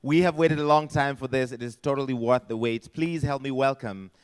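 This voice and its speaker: A man's voice: medium pitch, fairly quick, clear, resonant tone. A man hosting a live event, upbeat and rallying the audience. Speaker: event host.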